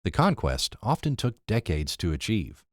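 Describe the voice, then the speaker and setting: A man with a very deep voice reads his own essay aloud, measured and emphatic. His pitch swings widely for stress instead of staying flat, and the recording is dry and close with no room sound. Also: no echo. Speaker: essay author reading his own commentary. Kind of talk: read-aloud opinion essay.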